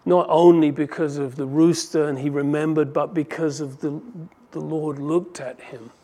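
A man preaching an expository sermon, reading scripture aloud and moving between emphatic and hushed delivery. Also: a little high, steady tone, moderate pace.

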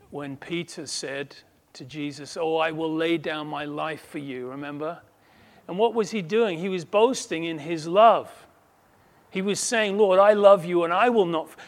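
A man preaching a sermon, emphatic, swinging between loud declarations and quiet asides, acting out quoted voices. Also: high-pitched. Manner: slow, measured delivery with quoted voices acted out.

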